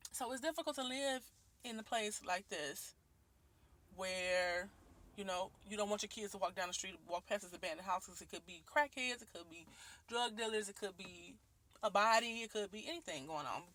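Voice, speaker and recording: A woman's voice: medium pitch, a bit bright. A woman in her late twenties from Detroit, talking candidly and earnestly into her phone camera, with many ums and restarts. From Detroit, Michigan, USA. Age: 20s. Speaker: vlogger. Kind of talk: personal video monologue. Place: at home and out in her neighborhood.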